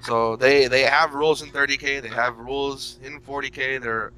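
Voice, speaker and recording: Young male co-host, bright forward voice, joking anecdotal delivery with swearing. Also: medium pitch, steady tone, moderate pace, rough recording. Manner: storytelling, profane, joking. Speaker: podcast co-host. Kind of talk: casual chat.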